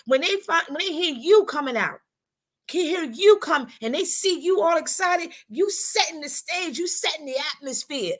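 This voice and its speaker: A woman co-hosting a women's talk show, giving a preacherly motivational talk with speech, repeating her lines and acting out how people talk. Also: very high-pitched.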